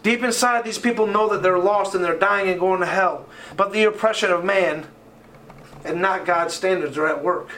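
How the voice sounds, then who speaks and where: A man's voice: high voice, normal speed, sharp tone, recorded from a distance, slight background noise, rough recording. A man preaching a sermon, fervent and full of rhetorical questions, reading scripture aloud.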